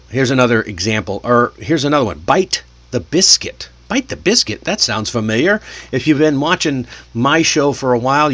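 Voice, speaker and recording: An American man teaches English idioms casually and keeps turning to the listener with little questions. His voice sits at an ordinary middle pitch. The sound is dry and close, with no room echo. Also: a bit bright. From United States. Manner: chatty, asks the listener questions.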